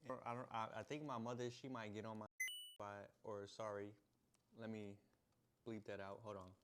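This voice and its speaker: A man's voice: fairly low pitch, flat delivery, moderate pace, noisy background. A young man tells a story straight to his viewers in loose, slangy talk. He laughs often and acts out the moments as he goes. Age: young adult. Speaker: vlogger. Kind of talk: casual storytelling to camera.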